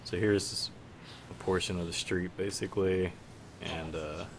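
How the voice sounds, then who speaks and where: Man running a tabletop game, low voice. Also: fairly even intonation, a little slow, a little hiss or hum. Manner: casual, stops to fix his screen while talking. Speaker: game master.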